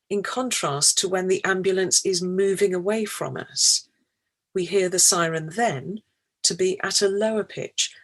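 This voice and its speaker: A woman giving a public science lecture, explaining each point in a measured, deliberate way. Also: on the low side, husky.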